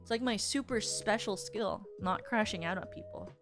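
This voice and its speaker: A woman's voice: medium pitch, moderate pace, music in the background. A woman streamer chatting casually to her viewers in a rambling way, with many filler words.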